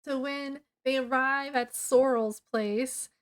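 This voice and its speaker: A woman's voice: sits high, steady tone, slow. A woman casually reviewing a book, retelling the plot in a rambling way with lots of fillers.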